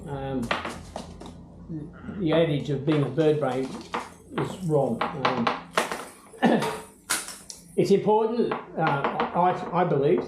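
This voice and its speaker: An older Australian man chatting casually about his pet bird, rambling with many ums and breaking into high baby-talk. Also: reverberant, background noise. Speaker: bird owner. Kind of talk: casual home video chat.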